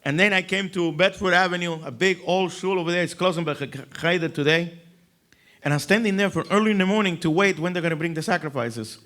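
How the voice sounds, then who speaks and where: A rabbi with a fairly high voice tells a lively personal story to a crowd. He is animated and slips into other people's voices as he goes, chuckling along the way. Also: quick pace. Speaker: rabbi giving a talk. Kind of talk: humorous storytelling speech.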